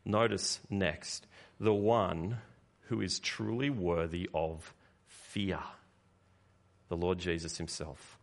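A man preaching a sermon, animated and conversational, swinging between loud emphasis and quiet asides. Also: low-pitched, takes it slowly, vocal fry, long pauses.

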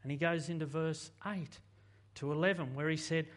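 A man preaching a sermon in an animated, conversational way, full of rhetorical questions. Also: a little high, normal speed. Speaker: pastor.

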